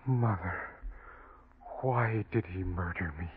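An actor playing the ghost of a drowned young man, speaking slowly in a hushed, half-whispered way in a 1940s radio drama. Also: low-pitched. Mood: mournful. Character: ghost of a drowned young son, weary and mournful. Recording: tinny scratchy old radio broadcast.

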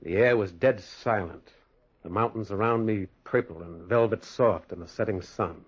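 A husky, brooding loner. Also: male voice, lowish voice, moderate pace. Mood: narrating. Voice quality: husky, expressive storytelling. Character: lonely male loner haunted by memories. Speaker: narrator and lead character. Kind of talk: 1940s radio acting. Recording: dull lo-fi old radio recording.

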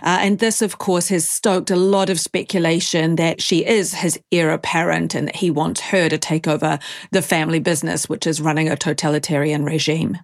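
Low-voiced woman journalist explaining. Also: level tone, moderate pace. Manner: fluent, with frequent fillers. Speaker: journalist guest. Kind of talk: explanatory interview answers.

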